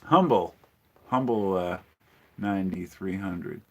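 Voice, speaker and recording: His voice is lowish and his pace measured. He runs a casual podcast live stream, welcoming viewers and replying to their chat with strong opinions, lots of rambling, frequent ums, and restarted sentences.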